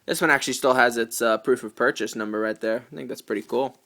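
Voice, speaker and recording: A man's voice: mid-range voice, fast talker, vocal fry, pushed and bright. A young man from New York giving casual unboxing commentary as a video collector, chatty and full of jokey asides.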